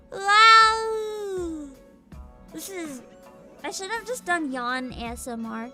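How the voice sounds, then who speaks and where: A woman's voice: sits high, animated, moderate pace, over music. A young woman hosting a casual VTuber livestream, sleepy and giggly, reading chat aloud. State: sleepy and tired.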